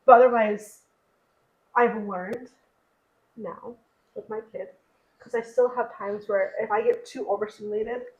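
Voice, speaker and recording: A young woman co-hosting a podcast talks candidly and a bit ramblingly about her own life in casual conversation, using lots of fillers. Her slightly high voice holds a steady tone at a measured pace and pauses often, with lo-fi sound in an echoey room.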